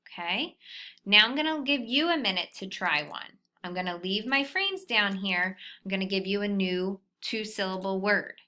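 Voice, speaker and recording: A woman's voice: medium pitch, moderate pace, sharp tone. A woman teaching a phonics lesson to young children, patient and sounding out syllables.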